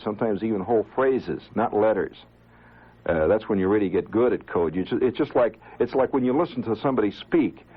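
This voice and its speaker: Man, low and husky, animated talker who chuckles and restarts a lot; muffled lo-fi broadcast recording. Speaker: amateur radio operator. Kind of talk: informal explanatory talk to listeners.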